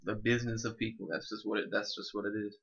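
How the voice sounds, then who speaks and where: A laid-back man with a bright tone talks through an album, working out his points as he goes. He speaks in easy slang. The recording sounds a little dull and lo-fi. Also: lowish voice, level tone, quick pace, gravelly, breathy edge. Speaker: music podcast co-host. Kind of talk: casual music review chat.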